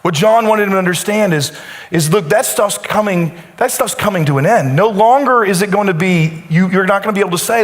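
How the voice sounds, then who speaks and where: Man preaching with dramatic storytelling. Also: high voice. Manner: storytelling, dramatic pauses, acts out quotes. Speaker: pastor. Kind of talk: sermon. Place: church sanctuary. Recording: church hall with long reverb.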